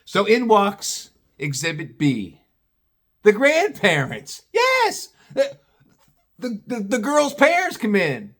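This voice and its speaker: A man's voice: high-pitched, wildly swooping pitch, a little slow, a bit bright. A man telling an exasperated, profane story as a vlogger, with sarcastic asides.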